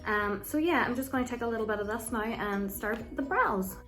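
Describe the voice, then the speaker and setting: A woman's voice: on the high side, fairly quick, fairly bright tone, soft background music. A woman giving a casual, chatty makeup tutorial, with a loose way of talking and plenty of ums and likes. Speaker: makeup vlogger.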